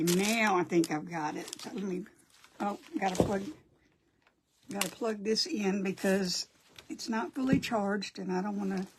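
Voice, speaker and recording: A woman's voice: mid-range voice, noisy background. An older woman hosting a casual crafting livestream, chatty and apologetic as she greets viewers by name.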